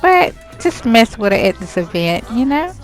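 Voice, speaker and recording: A woman's voice: a little high, very animated, moderate pace, faint music behind. Woman doing a sassy, teasing party girl. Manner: sassy, teasing, drawled slang. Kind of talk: voicing a life-sim game character.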